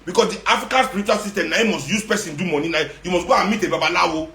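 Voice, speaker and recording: A man's voice: high-pitched, racing, bright, forceful tone. A Nigerian man delivering an impassioned, confrontational monologue, sarcastic and repeating himself for emphasis, slipping into Nigerian Pidgin. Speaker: activist speaking to followers. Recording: roomy echo.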